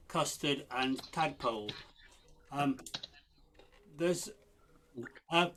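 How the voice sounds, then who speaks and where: A man's voice: on the high side, a little hiss or hum. An English man on a video call from home, jokingly introducing a song and then singing it. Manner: genial, joking, clears his throat. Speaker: folk club singer. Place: home, online session.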